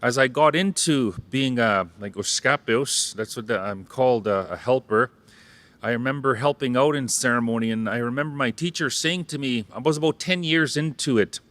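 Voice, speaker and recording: A man's voice: medium pitch, moderate pace, a bit bright, no echo. A man from Saskatchewan, Canada, giving a playful public talk as a Cree language teacher and ceremonial helper, joking and leading the audience in repeating words. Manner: playful, jokes, leads audience call-and-response.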